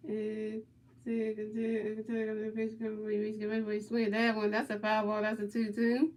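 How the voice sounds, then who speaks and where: A woman's voice: mid-range voice, monotone, moderate pace, a little mellow. A woman hosting a livestream, giving amateur play-by-play commentary in eager, repetitive, rambling calls. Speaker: livestream host.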